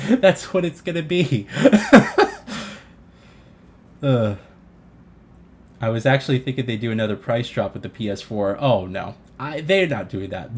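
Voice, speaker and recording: A man hosting a livestream, ranting in an exasperated, sarcastic way, swearing and restarting his sentences while answering chat. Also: mid-range voice. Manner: reads chat comments aloud and answers them. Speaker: livestream host reacting to a console reveal. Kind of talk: casual livestream rant.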